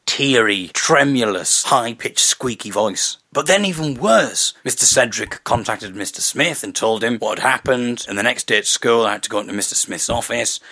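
A man's voice: mid-range voice, normal speed, few pauses, sharp tone. A man hosting a podcast, telling a comic personal story in a self-mocking way and slipping into character voices. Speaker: podcast host.

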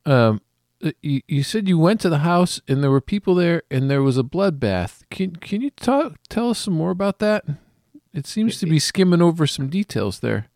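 A man's voice: on the high side, very animated, moderate pace, darkish tone, no room sound, clean studio sound. A man playing a skeptical male interrogator who asks probing questions. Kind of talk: improvised tabletop role-play.

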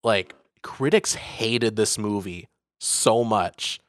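A young man co-hosting a casual movie-review podcast, halting and full of fillers, with a wry tone. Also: lowish voice, no echo, studio quality. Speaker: podcast co-host.

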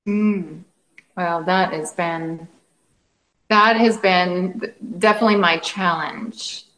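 A woman's voice: fairly low pitch, steady tone, slow pace, a bit bright, reverberant, rough recording. A woman relationship coach, a podcast guest, telling personal stories in an open, heartfelt way. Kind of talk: candid interview talk.

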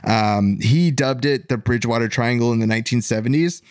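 A man's voice: medium pitch, fairly quick, darkish tone, no echo, studio quality. A man hosting a paranormal podcast in casual chat, rambling with fillers and self-corrections. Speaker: podcast host.

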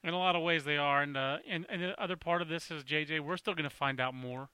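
Male podcast co-host, bright and crisp, rambling anecdotal chat. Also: a little high, fairly even intonation, fast talker, dry recording. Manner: rambling, anecdotal, self-correcting. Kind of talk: casual sports chat.

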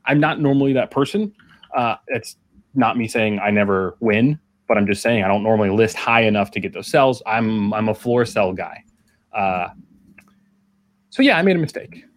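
Halting man on a podcast. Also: fairly low pitch. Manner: halting, starts sentences over with many fillers. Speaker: podcast co-host. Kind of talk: casual chat.

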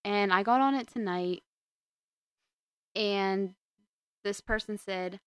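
A young woman talks casually on her podcast, rambling and restarting her sentences as she goes. Her voice is smooth and clear, recorded close up in a dry room with no echo. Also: mid-range voice, slow pace. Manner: chatty and rambling, with many restarts. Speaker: podcast host. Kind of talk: casual chat.

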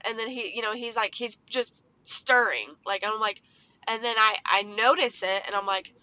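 A woman's voice: on the high side, steady tone, moderate pace, pushed and bright. A woman in her thirties hosting a podcast, talking casually about parenting in a rambling, chatty way with lots of fillers. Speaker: podcast host. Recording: slightly dull lo-fi sound with faint background noise.

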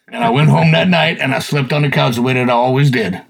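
A man's voice: mid-range voice, fast, gravelly, few pauses, slightly rough. An older man hosting a show, telling a personal faith testimony in a folksy, plain-spoken way. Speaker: podcast host.

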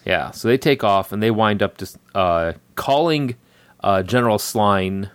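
A man's voice: lowish voice, unhurried, smooth, no echo. Man rambling through a movie recap. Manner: rambling, laughs often, many ums. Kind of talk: casual movie recap chat.

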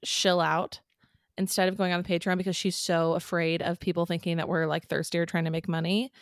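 Low-voiced woman podcast co-host. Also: little pitch movement, fairly quick. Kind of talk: casual podcast chat.

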